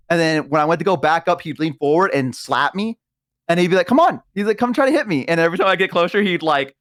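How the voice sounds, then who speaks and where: A young man chatting casually on a stream, telling lively stories and acting out voices with sudden shouts. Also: on the high side, dry recording, clean studio sound. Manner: animated storyteller, acts out voices and shouts. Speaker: streamer guest. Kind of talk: casual chat.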